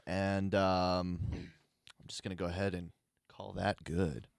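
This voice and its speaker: Lower-voiced guy describing his move in a game, lots of um and uh, some hiss. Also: flat delivery, creaky. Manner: halting, many fillers. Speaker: tabletop game player. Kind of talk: narrating his character's actions.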